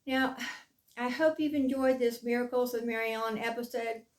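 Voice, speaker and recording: A middle-aged woman giving an earnest motivational talk as a mindfulness coach, stressing key phrases slowly. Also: on the high side, steady tone. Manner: earnest, emphatic, with slow deliberate stresses.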